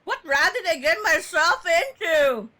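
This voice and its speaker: A woman streamer giving live gameplay commentary, excitable, laughing and swearing as she plays. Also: very high-pitched, a little slow.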